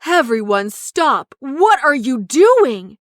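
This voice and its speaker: A woman voicing a cheerful young boy inventor in a children's story, talking in a bright, eager, pleading way. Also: high voice, very animated, takes it slowly, a little hiss or hum, heavily acted.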